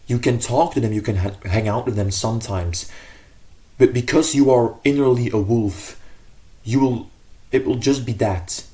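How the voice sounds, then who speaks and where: A man's voice: mid-range voice, moderate pace, mellow. A man giving casual self-improvement advice to camera in an earnest, rambling way, often correcting himself mid-sentence.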